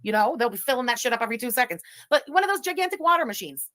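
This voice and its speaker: High, indignant woman commentator. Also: expressive, racing, pushed and bright. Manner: indignant, exasperated. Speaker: commentator in a reacted video. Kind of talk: complaining commentary.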